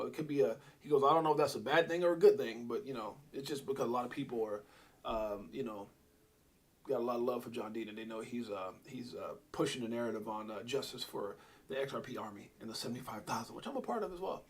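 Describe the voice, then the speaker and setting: In a relaxed crypto livestream, a middle-aged man at medium pitch wanders from point to point, punctuated by loud bursts of excitement.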